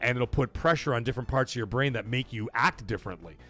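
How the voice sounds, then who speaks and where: A man's voice: mid-range voice, fast, sharp tone. Rambling, swearing livestream host man. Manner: profane, rambling, emotional storytelling; reads viewer super chats aloud. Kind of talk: casual live-stream chat.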